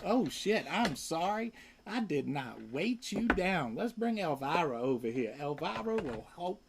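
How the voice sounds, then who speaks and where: A laid-back man chatting on a casual home livestream and cooing at his pet. He talks slowly. His fairly high voice swoops up and down a lot. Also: very animated, vocal fry, heavy background noise. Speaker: livestream host. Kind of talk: casual chat.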